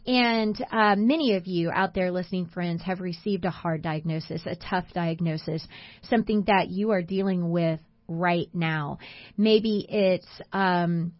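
A woman's voice: medium pitch, measured pace, dry recording. Lo-fi woman hosting a faith talk show. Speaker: radio show host. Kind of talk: Christian talk show chat. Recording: dull lo-fi sound.

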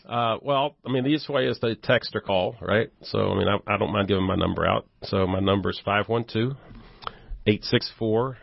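Low gravelly man telling stories. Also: brisk, no echo. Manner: animated storyteller who acts out quoted voices. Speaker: ministry volunteer guest. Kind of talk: casual storytelling interview. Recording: dull lo-fi audio.

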